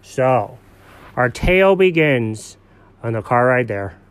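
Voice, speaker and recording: Dopey lovable doggo, guy voicing it, low and slow, dry close mic. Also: lively intonation, smooth, no room sound. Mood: storytelling. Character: goofy big-hearted male dog, dim and cheerful. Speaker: podcast host figure.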